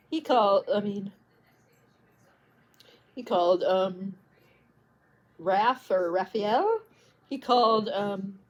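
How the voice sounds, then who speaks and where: A woman book vlogger talking in a casual, rambling way, tripping over words and restarting sentences. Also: mid-range voice. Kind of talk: casual chat.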